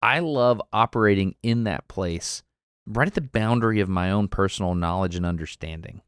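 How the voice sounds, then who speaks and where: A man's voice: lowish voice, moderate pace, clean tone, no echo, clean studio sound. Candid Alabama man, laughing easily. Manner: laughs often, candid and self-deprecating. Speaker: podcast guest. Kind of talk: casual conversation.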